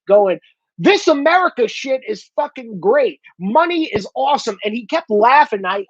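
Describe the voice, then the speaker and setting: A man's voice: sits high, no room sound, highs cut off. A man vlogging in a casual monologue, ranting with lots of swearing. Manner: profane, animated ranting.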